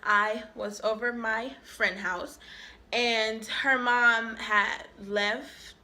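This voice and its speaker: A young woman vlogger telling a story in a casual, animated way, acting out the quoted dialogue. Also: on the high side, very slow.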